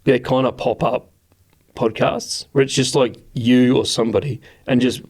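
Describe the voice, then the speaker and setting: A young Australian man with a gravelly, creaky edge to his mid-pitched voice. He tells stories with swearing and animated voices for everyone in them. The talk is loose, casual podcast banter. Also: moderate pace. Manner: swearing, animated storyteller who acts out voices. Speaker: podcast host. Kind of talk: casual chat.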